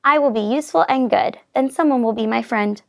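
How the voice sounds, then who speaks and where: A big, misunderstood wolf from a children's storybook, as a woman reads him aloud. He speaks earnestly and gently, with a slightly gravelly, fairly high tone. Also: brisk. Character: misunderstood male wolf, big, gruff but soft-hearted.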